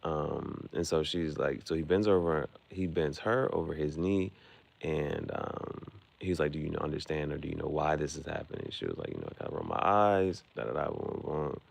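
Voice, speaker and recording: A man's voice: very deep voice, animated, normal speed, vocal fry. A man, casually recapping a movie in a rambling way, full of fillers. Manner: rambling, full of fillers like "you know what I'm saying". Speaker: vlogger.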